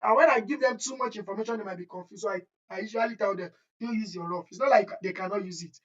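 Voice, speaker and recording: A woman's voice: mid-range voice, rapid-fire. A woman teaching an online chemistry exam-prep lesson, repeating key points and often checking that students follow. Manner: repetitive, emphatic, checks understanding often. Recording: dull lo-fi audio.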